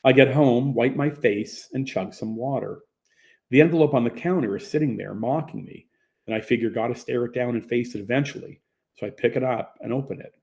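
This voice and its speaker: A young man narrates a first-person audiobook in a plain, conversational way. His voice is gravelly and dark, with a mellow, relaxed tone. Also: mid-range voice, fairly quick.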